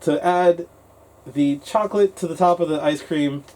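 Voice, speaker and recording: A man co-hosting a casual English-learning talk show, telling a story in an animated way and acting out his younger self. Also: a little high, moderate pace.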